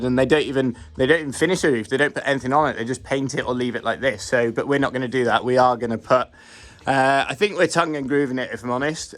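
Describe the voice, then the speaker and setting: In a casual narrated build vlog, a British man rambles from inside the bus he's converting. He's plain-spoken and self-deprecating, with a mid-range, fairly bright voice.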